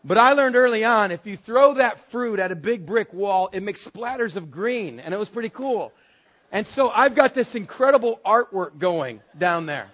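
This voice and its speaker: Lively man telling a story, lo-fi. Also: sits high, moderate pace. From West Texas. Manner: lively, animated, acts out the voices in the dialogue. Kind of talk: personal anecdote told to an audience. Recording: dull, lo-fi sound.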